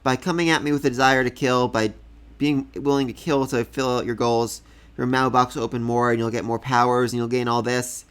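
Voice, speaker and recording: A man's voice: mid-range voice, steady tone, a little fast, a bit bright, clean tone, natural voice. A man voicing a serious male martial arts sensei who challenges his student in a matter-of-fact way, read aloud during a comic review. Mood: challenging.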